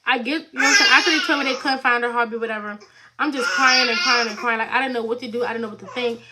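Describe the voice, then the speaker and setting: A woman's voice: on the high side, fairly even intonation, racing, very noisy. A young woman vlogger rambling through a personal storytime in a casual, chatty way, full of fillers and "like".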